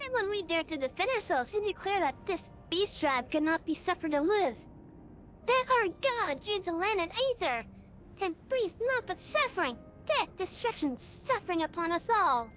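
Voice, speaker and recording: A woman's voice: very high-pitched, big pitch swings, normal speed, fairly bright tone, slight background noise, exaggerated voice. A woman voicing a furious old male kobold patriarch in a video game cutscene, accusing and spitting out insults. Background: faint music score.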